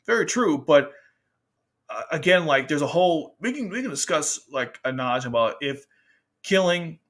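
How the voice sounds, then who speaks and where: A man's voice: on the high side, moderate pace. A man casually reviewing a manga, chatting loosely and acting out characters' lines as he goes. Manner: chatty, animated, quotes characters in exaggerated voices, laughs often. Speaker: anime review host. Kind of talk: casual commentary.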